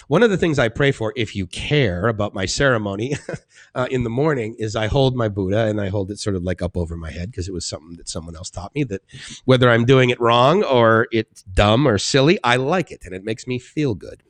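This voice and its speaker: Middle-aged male streamer, low-ish voice, chatty and rambling, quick to laugh, dry close sound. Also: no echo. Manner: chatty and rambling, laughs often, swings between soft musing and excited high bursts. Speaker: live-stream host. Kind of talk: casual live-stream chat. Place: indoors at home.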